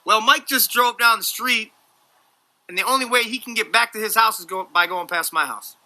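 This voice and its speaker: A man's voice: sits high, moderate pace, sharp tone. Profane ranting man in his forties. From United States. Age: 40s. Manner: profane, combative, mocking. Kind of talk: ranting storytelling.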